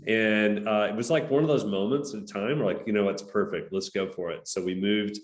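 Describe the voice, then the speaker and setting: A man from the United States, a guest entrepreneur on a podcast interview, talking in a relaxed, conversational way. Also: on the low side, a little fast. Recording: roomy echo.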